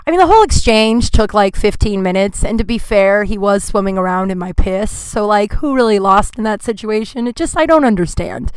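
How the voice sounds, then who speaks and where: A woman's voice: medium pitch, expressive, brisk, hardly any pauses, clean tone, no echo. A woman hosting a podcast, telling a story in a casual, grumpy monologue full of "like" fillers. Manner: chatty, heavy use of "like" fillers; grumpy, complaining tone. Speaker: podcast host.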